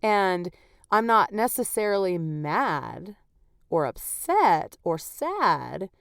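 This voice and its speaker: A woman's voice: mid-range voice, big pitch swings, slow pace, gravelly, fairly bright tone, no echo, studio quality. A woman hosting a podcast in casual, candid chat, laughing often, her voice worn and not at full strength. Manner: chatty and candid, laughing often, with lots of "like" and "you know". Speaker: podcast host. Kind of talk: casual solo podcast talk.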